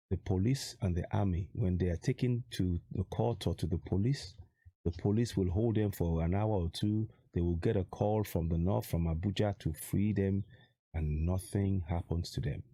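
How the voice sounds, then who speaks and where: Nigerian man, activist vlogger; dark, low delivery, urgent and insistent, hammering home points with repeated questions. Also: no echo. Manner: urgent, repetitive rhetorical questions. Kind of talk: direct-to-camera appeal.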